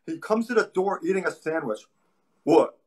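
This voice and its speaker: A man with a fairly high voice tells stories in a casual interview. He is animated and lively, and he acts out other people's lines as he goes. He is a martial arts instructor talking shop. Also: fairly quick.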